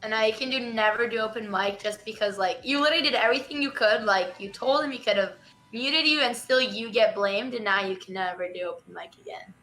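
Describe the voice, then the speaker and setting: Bright, high-voiced blunt woman. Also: a little fast, soft background music. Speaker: streamer guest. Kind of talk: casual group chat.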